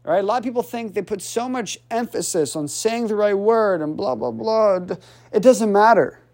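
A man coaching on communication in an energetic, motivational way, often checking in with his listeners. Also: high-pitched, normal speed. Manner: energetic, checks in with "right?" constantly; swings voice up and down to demonstrate tone. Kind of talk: animated motivational teaching.

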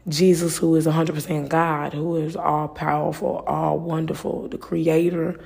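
Podcast host: a woman with a low, gravelly, flat voice, earnest and personal, casual faith talk. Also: normal speed. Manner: earnest, personal, with frequent fillers.

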